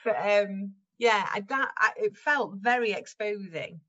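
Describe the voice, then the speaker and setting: A woman's voice: mid-range voice, unhurried, pushed and bright, muffled recording. A middle-aged woman, a guest on an interview, who often laughs as she talks. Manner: laughs often while talking. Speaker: guest, improv performer. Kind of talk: casual conversational interview.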